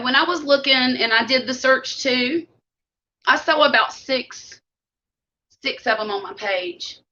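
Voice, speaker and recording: A middle-aged Southern woman talks in a bright, slightly high voice, chatty and homey, and she eats as she speaks. The live stream audio is dull and lo-fi. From Mississippi Gulf Coast. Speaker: vlog host. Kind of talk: casual live-stream chat with viewers.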